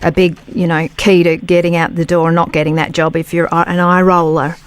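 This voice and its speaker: A woman's voice: fairly low pitch, level tone, brisk, smooth, no echo. A woman hosting an interview, talking in a conversational, agreeable way. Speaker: interview host.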